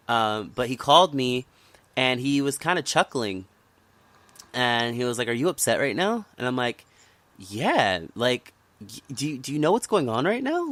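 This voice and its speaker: A man's voice: medium pitch, bright, forceful tone, no room sound. A man from the United States hosting a podcast, talking politics in a casual, impassioned way and repeating words when worked up. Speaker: podcast host.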